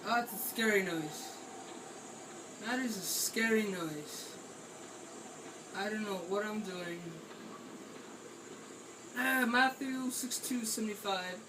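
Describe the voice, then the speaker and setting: Slow high-voiced guy narrating gameplay. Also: recorded from a distance, noisy background. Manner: playful, rambling, talks to himself. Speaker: gaming video maker. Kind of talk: gameplay commentary. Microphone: camera held by hand.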